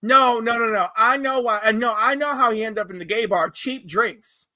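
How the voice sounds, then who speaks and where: Bright, animated campy man telling stories. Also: normal speed, no echo. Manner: campy storyteller, acts out quotes with big pitch jumps. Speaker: podcast co-host. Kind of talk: animated casual chat.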